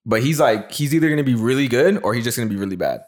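A man on a podcast, rambling quickly with lots of filler words and casual swearing. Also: medium pitch, lively intonation. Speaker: podcast co-host. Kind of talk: casual chat.

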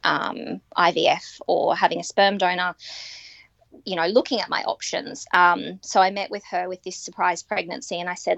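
A woman, telling her personal story as a podcast guest, earnest and halting with many ums and restarts. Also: lowish voice, little pitch movement, gravelly, a bit bright. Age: 30s. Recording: dry, dull lo-fi recording.

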